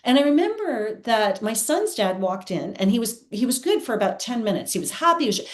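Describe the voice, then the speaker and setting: A woman speaking as an interview guest about her work as a psychic reader. She tells personal stories in an animated way, and her voice rises and falls widely as she talks. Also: a little high, fairly quick. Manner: animated, reflective storytelling. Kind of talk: conversational interview answers.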